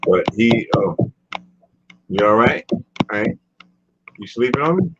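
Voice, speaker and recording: A man's voice: on the low side, very animated, a little slow, lo-fi sound, heavy background noise. A man hosting a casual talk show, rambling and laid-back, often repeating himself. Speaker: show host.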